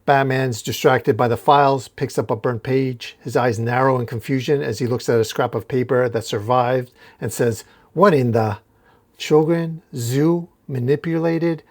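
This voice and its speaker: A man's voice: medium pitch, fairly even intonation, moderate pace, hardly any pauses. A man narrating a comic book story panel by panel in a casual recap style. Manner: recounts panel by panel, casual restarts.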